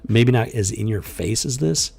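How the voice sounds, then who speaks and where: A man's voice: lowish voice, animated, normal speed, gravelly, darkish tone, breathy edge. A man hosting a comics review show, reading panels aloud and commenting in a sarcastic, exasperated, rambling way.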